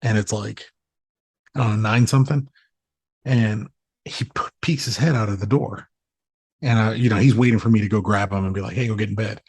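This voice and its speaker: Man, 30s, podcast co-host, husky gravelly voice, dry close sound. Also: fairly low pitch, moderate pace, long pauses, no echo. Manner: animated, swearing storyteller. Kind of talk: casual chat.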